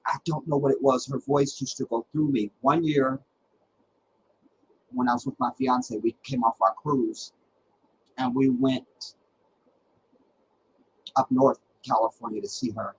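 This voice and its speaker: A middle-aged man with a voice of ordinary pitch, hosting his own livestream and telling stories from his life. He talks in an animated, dramatic way and often stops and restarts a thought. Faint noise sits under his voice. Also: measured pace, long pauses, rough recording. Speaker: livestream host. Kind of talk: casual personal storytelling.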